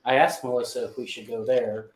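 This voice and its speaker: A man's voice: medium pitch, little pitch movement, brisk. A man hosting a casual live-stream chat, hesitant and often restarting his phrases. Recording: roomy echo.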